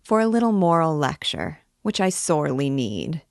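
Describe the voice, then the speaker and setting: A woman's voice: sits low, very animated, moderate pace, gravelly, darkish tone, dry recording, studio quality, full character voice. A woman voicing a merry, impudent young male student who talks in a cheeky, careless way.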